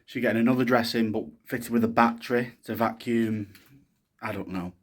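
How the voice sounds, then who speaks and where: A man's voice: medium pitch, steady tone, normal speed. A young man, a new dad, recording a casual video diary, sounding exhausted and frustrated as he vents. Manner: frustrated, venting about hospital care. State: exhausted, low on energy.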